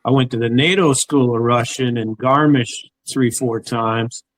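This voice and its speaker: A man's voice: mid-range voice, fairly even intonation, measured pace, no echo, low-quality recording. A man from the United States hosting an interview, chatting casually with many restarts. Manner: rambling, hesitant, many restarts. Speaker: host.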